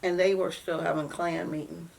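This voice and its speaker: A woman in her fifties from West Virginia recalls her past in an oral history interview, telling it in a lively way and acting out what people said. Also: on the low side, normal speed, gravelly, poor audio. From Jefferson County, West Virginia. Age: 50s. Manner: animated storyteller, acts out quoted voices.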